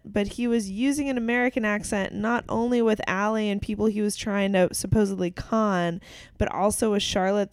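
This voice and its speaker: A woman's voice: mid-range voice, darkish tone, smooth, no room sound. A woman co-hosting a podcast, chatting casually and rambling through questions with lots of fillers. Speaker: podcast co-host. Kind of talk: casual chat.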